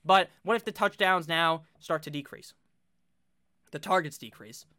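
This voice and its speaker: A man gives fast, blunt fantasy football commentary, reeling off statistics and swearing casually. His voice sits a bit high and sounds bright and forceful. The recording is dry and close, with no room echo.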